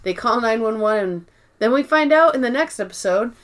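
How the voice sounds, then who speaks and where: A woman's voice: a little high, expressive, fairly quick. A woman co-hosting a podcast, casually recapping episodes in loose, profane talk and laughing along the way. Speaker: podcast co-host.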